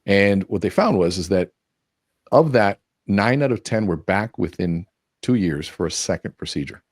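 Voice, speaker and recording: A man's voice: low-pitched, lively intonation, moderate pace, no room sound, clean studio sound. A man as the guest expert on a podcast interview, talking energetically, acting out quoted dialogue and restarting often. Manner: frequent restarts.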